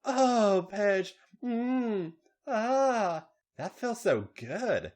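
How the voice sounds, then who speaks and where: A man voicing an adult woman who cries out in a high, strained falsetto. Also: big pitch swings, moderate pace, mellow. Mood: ecstatic. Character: adult woman, loud and overwhelmed.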